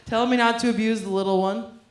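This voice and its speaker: A woman's voice: a little high, steady tone, brisk, noisy background. A woman doing live stand-up, crude and teasing as she banters with the front row. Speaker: stand-up comedian. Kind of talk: live stand-up with crowd work. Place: comedy club stage. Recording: echoey club room.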